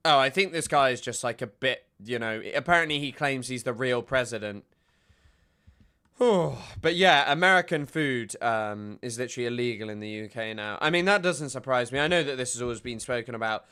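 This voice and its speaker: A man's voice: medium pitch, fairly quick, hardly any pauses, sharp tone, clear, resonant tone. A man casually commenting on news clips as a streamer, chatty and loose with many fillers.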